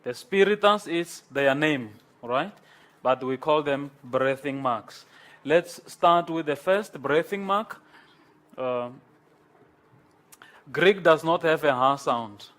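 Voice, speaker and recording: A man lecturing a class on Greek, slow and halting, with many pauses and repeated words. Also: fairly high pitch, fairly bright tone.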